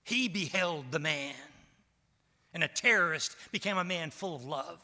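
A man's voice: fairly high pitch, animated, normal speed, pushed and bright. A male pastor preaching an emphatic sermon and calling on the congregation for responses. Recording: long hall reverb.

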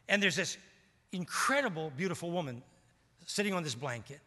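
Older pastor preaching, tells stories and acts out the lines, bright voice, big echo church. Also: male voice, fairly high pitch, animated, brisk. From Maryland, US. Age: 70s. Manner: storytelling, acts out quoted dialogue. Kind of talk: sermon. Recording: long church hall reverb.

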